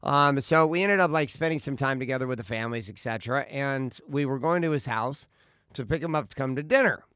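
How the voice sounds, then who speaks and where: A man's voice: mid-range voice, brisk, fairly bright tone, clear, resonant tone, no room sound. Middle-aged guy joking around on a podcast mic, dry close sound. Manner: joking, talks over his wife. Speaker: podcast co-host. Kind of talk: casual chat. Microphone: studio microphone.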